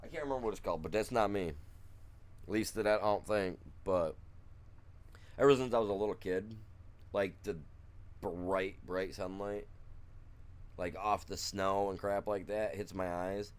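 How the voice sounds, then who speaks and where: Low-voiced man rambling on a stream. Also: measured pace, long pauses. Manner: chatty, trails off and restarts, chuckles. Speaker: gaming streamer. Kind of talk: rambling casual chat while streaming. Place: room at home with blacked-out windows.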